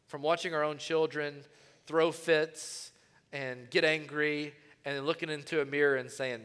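A man preaching a sermon as pastor, animated, swinging between loud emphatic phrases and hushed ones. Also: a little high, moderate pace, clean tone, big-room sound.

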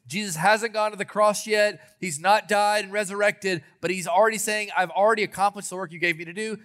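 High-voiced man preaching a sermon. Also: fairly bright tone. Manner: earnest preaching, quotes scripture, dramatic pauses. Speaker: pastor.

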